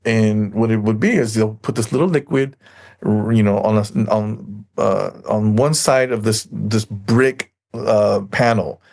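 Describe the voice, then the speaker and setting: Gravelly, rambling man telling a story. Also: lowish voice, fairly even intonation, a little slow, darkish tone. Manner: rambling storyteller, acts out quoted people. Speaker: podcast guest. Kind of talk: casual podcast chat.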